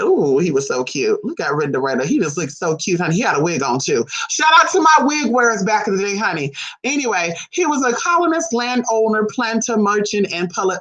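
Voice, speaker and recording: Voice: a bit bright, low-quality recording. Sassy, profane vlogger with wild swings. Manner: sassy, profane, teasing asides; big swings between low mutters and high squeals. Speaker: vlogger on spiritual history. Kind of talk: casual ranting monologue.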